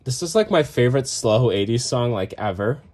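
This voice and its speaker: A young man vlogging casually, excitable and swearing, breaking into off-key singing. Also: medium pitch, normal speed. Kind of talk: casual reaction vlog.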